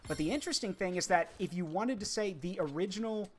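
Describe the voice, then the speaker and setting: A man's voice: high-pitched, lively intonation, fast talker, a little hiss or hum. A man streaming a video game with friends, chatting casually and rambling with lots of fillers. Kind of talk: casual gaming chat.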